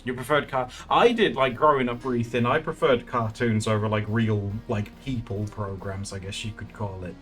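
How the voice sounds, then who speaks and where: A man's voice: mid-range voice, steady tone, normal speed, few pauses, a bit bright, faint music behind. A man chatting casually while streaming his art, rambling and laughing often. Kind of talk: casual live-stream chat.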